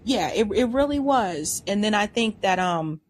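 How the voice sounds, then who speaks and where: A woman's voice: medium pitch, lively intonation, normal speed. A woman co-hosting a podcast, chatting casually and rambling with restarts and fillers. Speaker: podcast co-host. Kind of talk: casual chat.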